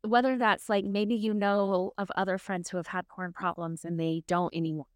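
A woman co-hosting a talk podcast in a relaxed, conversational way. She tells stories by acting out both sides of a dialogue and peppers her speech with "like" and "right?". The sound is close and dry, with no room echo. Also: medium pitch, normal speed, clean tone. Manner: storytelling, reenacts dialogue with frequent "like" and "right?". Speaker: podcast co-host. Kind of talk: casual chat.

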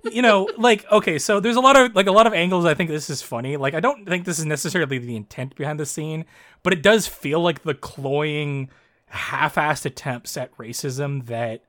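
A man co-hosting a casual discussion of a fan story, talking in animated, frustrated bursts full of fillers. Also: a little high. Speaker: podcast co-host.

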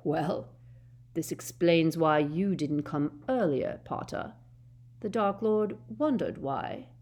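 A scheming storybook villain drawls his words slowly and softly, savoring every threat, as a woman reader puts him on. His voice sits low and hushed. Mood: gloating. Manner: slow, smooth and malicious. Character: cold, scheming grown man, masked villain.

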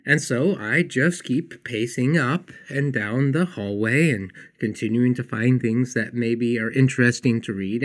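A man hosting a self-help podcast, telling a personal story and acting out the people in it, then explaining an idea to his listeners. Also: medium pitch. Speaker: podcast host.

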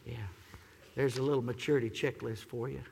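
A man preaching a sermon as pastor, swinging from shouted praise to quiet, gentle teaching. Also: mid-range voice, fairly even intonation, brisk, vocal fry, long reverb tail, a little hiss or hum.

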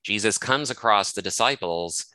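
A man's voice: lowish voice, lively intonation, normal speed, bright, forceful tone, dry recording. A male scholar explaining ideas from his book in a thoughtful, hedging way, with many fillers and restarts. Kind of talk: conversational explanation.

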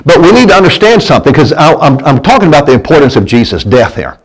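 A preacher man with a somewhat high voice delivers a folksy sermon. He keeps asking his congregation for answers and trips over and repeats his words as he pushes his point. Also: big pitch swings, quick pace, slightly rough, rough recording. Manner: folksy preaching with call-and-response and stumbling restarts. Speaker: pastor.

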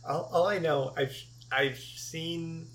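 A man co-hosting a podcast, chatting casually, with frequent chuckles and halting restarts. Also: a little high, fairly even intonation, fairly bright tone. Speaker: podcast co-host. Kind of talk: casual chat.

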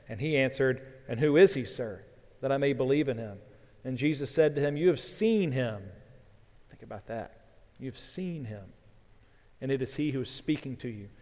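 A man's voice: mid-range voice, darkish tone. A man preaching a sermon as pastor, earnest and building in force as he reads scripture aloud. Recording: long reverb from a large hall.

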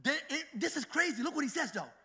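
A man preaching a sermon in a church, swinging from quiet storytelling to shouted, fired-up climaxes. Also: very high voice, big pitch swings, fast. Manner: preaching with sudden shouted climaxes and acted-out quotes. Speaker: pastor.

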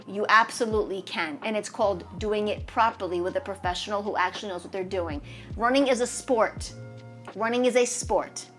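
A woman's voice: a little high, fairly bright tone. A woman running coach giving an emphatic, motivational podcast talk that repeats its points and promotes herself, with faint music behind her. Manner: emphatic, repetitive, self-promoting.

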